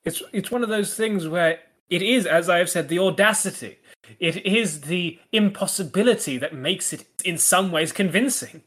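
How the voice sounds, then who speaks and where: A man co-hosting a podcast, talking things through in a thoughtful, analytical way and often pausing to restart his sentences. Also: sits high, fairly bright tone. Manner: thoughtful, hesitant, with frequent restarts. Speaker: podcast co-host. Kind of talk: casual analytical discussion.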